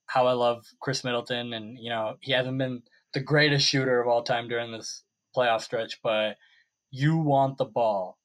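A young sports podcast co-host rambles in casual chat, peppering his talk with likes, fillers, and restarts. His voice is medium-pitched and a bit bright.

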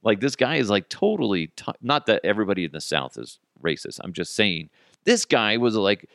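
A man tells stories in a casual, animated way, swearing freely and laughing between lines. His voice sits low with a gravelly edge and swings widely in pitch. The sound is close and dry, with no room around it. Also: normal speed, dry recording. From Colorado, United States. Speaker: podcast host. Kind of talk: casual storytelling.

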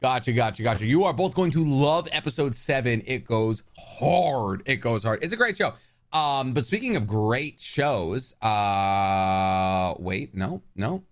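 A man co-hosting a podcast in casual chat, ranting with animated swearing. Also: mid-range voice, unhurried. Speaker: podcast co-host.

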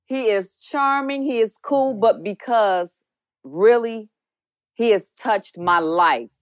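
A woman's voice: mid-range voice, slow, no room sound, clean studio sound. A woman guest in casual podcast chat, speaking earnestly and with faith. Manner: warm, earnest, talks about faith. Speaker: guest, entrepreneur.

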